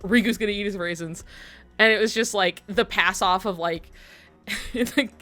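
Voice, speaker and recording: A woman's voice: mid-range voice, moderate pace, bright, forceful tone. A woman streamer telling a long story to her chat in a rambling way, laughing often and swearing freely.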